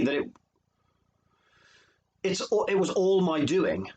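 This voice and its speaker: A man's voice: medium pitch, very animated, moderate pace, pauses often, darkish tone, breathy edge, rough recording. A man from England, a life coach, talking earnestly and emotionally to camera, often repeating phrases for emphasis. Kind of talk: motivational video monologue.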